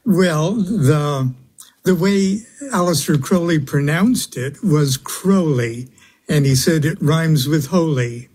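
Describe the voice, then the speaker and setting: Husky, slow-talking male radio guest. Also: on the high side, a little mellow. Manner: halting, many uhs, chuckles. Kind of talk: radio interview.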